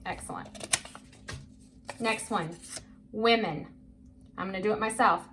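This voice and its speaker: A woman's voice: medium pitch, normal speed, long pauses, a bit bright, a little hiss or hum. A woman teacher leading a children's reading lesson, patient and encouraging, spelling words out letter by letter.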